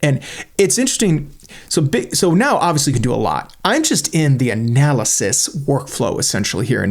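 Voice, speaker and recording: A man hosting a screen-recorded walkthrough of a software tool, thinking aloud in a chatty, enthusiastic way as he clicks through it. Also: on the high side. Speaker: channel host reviewing a software tool.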